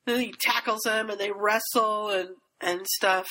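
Animated woman retelling a story. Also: mid-range voice, unhurried, few pauses, a little hiss or hum, poor audio. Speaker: podcast co-host.

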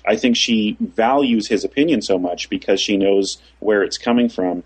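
A man's voice: lowish voice, moderate pace, breathy edge, rough recording. A man co-hosting a casual discussion of a story, thinking aloud and often restarting his phrases. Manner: thoughtful, repeats and restarts phrases.

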